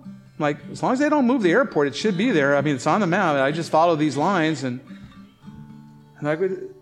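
A man delivers a sermon in a voice that sits a bit higher than most men's. He tells stories with lively energy, jumping up in pitch to act out the people he quotes. Faint guitar plays softly beneath him. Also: brisk. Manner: animated storytelling, voices rising sharply for quoted people. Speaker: pastor.

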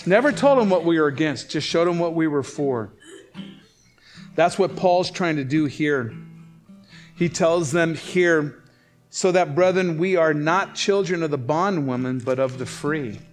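A man delivers a sermon in a voice that sits a bit higher than most men's. He tells stories with lively energy, jumping up in pitch to act out the people he quotes. Faint guitar plays softly beneath him. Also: measured pace. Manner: animated storytelling, voices rising sharply for quoted people. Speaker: pastor.

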